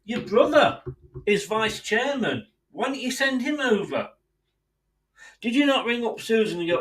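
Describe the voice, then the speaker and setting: An English man hosting a football fan channel, ranting bluntly and swearing freely, and acting out imagined conversations in quick asides. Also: very high voice, lively intonation, fairly bright tone. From England. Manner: mimics others in asides. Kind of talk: impassioned fan rant.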